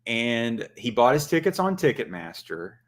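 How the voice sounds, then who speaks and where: A man's voice: medium pitch, big pitch swings, moderate pace. A man hosting a casual livestream chat as a comic shop owner, laid-back and crude.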